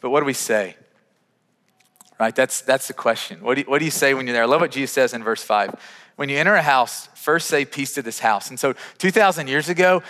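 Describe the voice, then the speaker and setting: A man's voice: mid-range voice, fairly bright tone, big-room sound. A male pastor preaching a sermon in a conversational way, often repeating words as he starts sentences.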